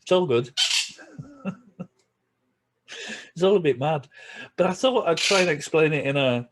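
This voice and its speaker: A man's voice: on the high side, lively intonation, measured pace, noisy background. A man with a Yorkshire accent, chatting casually in a reaction video and explaining things with everyday examples. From Yorkshire, England. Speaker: vlogger.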